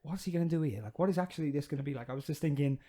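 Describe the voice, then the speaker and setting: A young man co-hosting a podcast, joking and chiming in with quick reactions. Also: fairly high pitch, dark tone. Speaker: podcast co-host. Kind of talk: casual banter.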